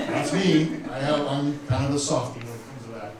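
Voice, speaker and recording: A man's voice: medium pitch, moderate pace. A man in his fifties giving an emotional, earnest motivational talk to a live audience, speaking directly to the crowd. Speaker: speaker at a business event. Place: event room with audience. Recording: very echoey room, voice from far off, faint ambience.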